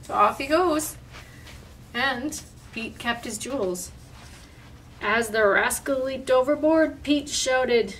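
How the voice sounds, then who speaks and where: Lady reading a kids book aloud, kinda high voice, far from the mic. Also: slow, pauses often. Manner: lively, expressive reading. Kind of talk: picture-book read-aloud with asides. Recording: distant mic, faint room noise.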